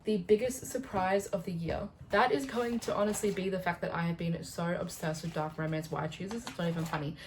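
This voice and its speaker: A young woman book vlogger chatting to camera, gushing and excitable, swearing freely and rambling off topic. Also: lowish voice, a little fast, few pauses, a little hiss or hum, low-quality recording. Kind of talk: casual chat to camera.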